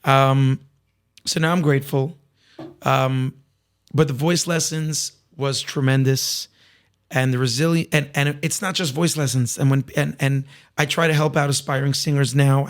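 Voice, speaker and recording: A man with a slightly raspy voice, a singer talking candidly as a podcast guest, reflective and full of restarts. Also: mid-range voice, flat delivery, normal speed. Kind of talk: casual interview conversation.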